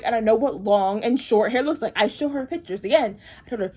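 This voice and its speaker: A woman's voice: on the high side, a little fast, hardly any pauses, mellow. A woman telling a story to camera while getting ready, chatty and rambling, repeating herself for emphasis as she vents her frustration. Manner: frustrated, venting. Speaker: vlogger.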